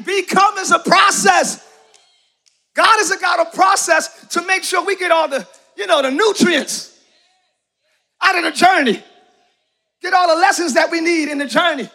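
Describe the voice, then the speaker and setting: A man preaching a live sermon in a church, shouting his points and calling on the congregation to answer. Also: extremely high pitch, a little slow. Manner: preaching with shouted emphasis and call-and-response to the congregation. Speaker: pastor. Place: church sanctuary.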